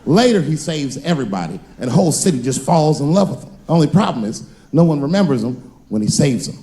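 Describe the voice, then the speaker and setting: Animated male stand-up comic, lively pitch. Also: quick pace. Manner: animated storytelling, voices jumping high for characters. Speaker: stand-up comedian. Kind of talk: stand-up comedy set. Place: comedy stage before a live audience.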